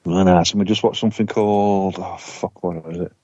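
A man's voice: low-pitched, steady tone, a little fast, mellow, no echo, muffled recording. A man chatting casually on a podcast, laid-back and dry, sometimes swearing. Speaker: podcast co-host. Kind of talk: casual chat.

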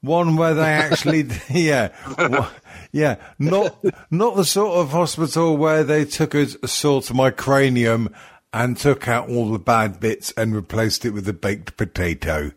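Slow, rambling podcast host. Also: male voice, mid-range voice. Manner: swearing, joking, rambling with many fillers. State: tired and yawning. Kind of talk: crude casual podcast chat.

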